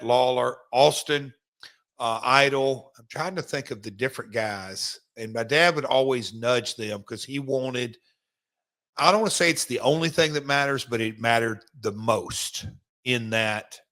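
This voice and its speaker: Bright-voiced man rambling emphatically. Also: mid-range voice. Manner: rambling, emphatic storyteller with many restarts. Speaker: podcast host, former wrestler. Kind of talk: casual podcast chat.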